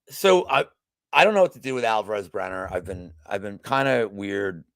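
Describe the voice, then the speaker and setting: Low gravelly man talking betting picks. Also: animated, moderate pace, fairly bright tone, no room sound, studio quality. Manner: rambling, frequent restarts, profane asides. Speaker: sports betting podcast host. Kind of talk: casual betting picks chat.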